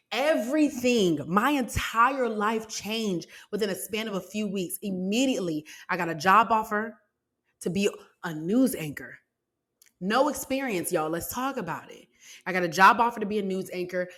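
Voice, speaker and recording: A woman's voice: medium pitch, a bit bright. A woman in her twenties hosting a podcast, talking earnestly and personally about faith and speaking straight to her listeners. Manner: earnest, conversational, addresses listeners directly. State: close to tears. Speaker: podcast host.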